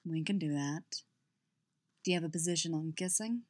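A woman's voice: low voice, normal speed, a little mellow, no room sound, studio quality. A woman voicing a chatty, teasing male warrior who talks playfully. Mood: soft. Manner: playful, rambling.

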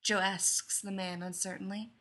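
A woman reading a story aloud in a lively, expressive way. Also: medium pitch, moderate pace. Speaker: reader.

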